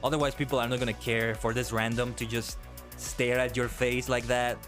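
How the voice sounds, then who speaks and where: A man streaming and chatting casually, animated and exclaiming, often correcting himself mid-sentence. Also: mid-range voice, normal speed, faint music behind. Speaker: VTuber streamer. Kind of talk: casual stream chat and reactions.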